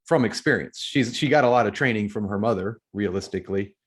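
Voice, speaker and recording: A man's voice: fairly low pitch, fairly quick, slightly rough. A man co-hosting a casual book discussion podcast, reflective, asking questions and adding his own commentary. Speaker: podcast co-host.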